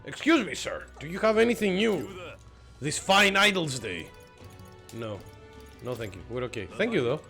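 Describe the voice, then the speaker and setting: Animated man streaming a game. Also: fairly high pitch, gravelly, soft background music. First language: not English. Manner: excitable, chatty, quick to laugh and swear. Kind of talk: live gameplay commentary.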